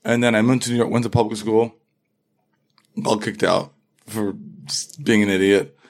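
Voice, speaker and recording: Young London-accented man, low-ish voice, animated storyteller in a casual interview. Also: moderate pace. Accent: London English. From London, England. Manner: animated storyteller, acts out quotes. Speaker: fencer, interview guest.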